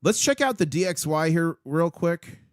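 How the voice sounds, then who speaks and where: A man hosting a live stream with market commentary, excitable and rattling off prices and numbers. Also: fairly high pitch, moderate pace, dry recording. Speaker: livestream host.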